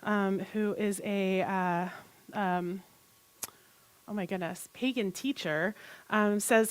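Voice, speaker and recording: A woman minister giving a conversational sermon, telling a story in an animated way with chatty asides to the congregation. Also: medium pitch, slow, long pauses, clear, resonant tone, no room sound, low-quality recording. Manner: animated storytelling, retelling a film plot.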